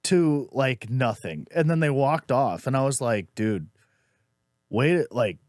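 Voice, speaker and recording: Lively, swearing male comic host. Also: mid-range voice, takes it slowly, no room sound, clean studio sound. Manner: animated, profane storytelling with voiced quotes. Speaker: podcast host and stand-up comic. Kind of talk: casual podcast chat.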